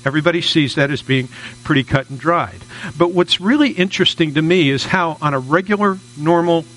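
A man's voice: on the high side, fairly quick, a bit bright, low-quality recording. Chatty man giving a sermon. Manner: conversational, repetitive, often asking "okay?". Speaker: minister.

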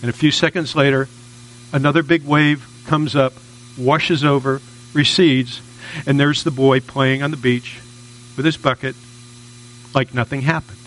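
A man's voice: medium pitch, steady tone, measured pace, pauses often, a bit bright, poor audio. A man preaching a sermon in a conversational, repetitive way, often checking in with listeners. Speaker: minister.

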